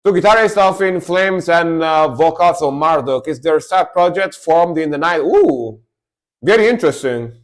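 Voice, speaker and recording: A man with a somewhat high-pitched voice chatting casually on a live stream as he reacts to songs. He talks with easygoing enthusiasm, says his points twice over and drops in the odd swear word. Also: lively intonation, normal speed.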